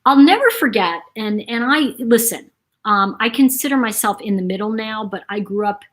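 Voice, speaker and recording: A woman from New York City hosting a casual live-stream chat, reading viewer comments aloud and telling stories in a chatty, animated way. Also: on the high side, normal speed. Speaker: host.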